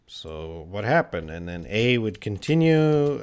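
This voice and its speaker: Slow, patient male English teacher. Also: fairly low pitch, very animated, smooth. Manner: slow, patient, reads viewer questions aloud then explains. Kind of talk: live Q&A English lesson.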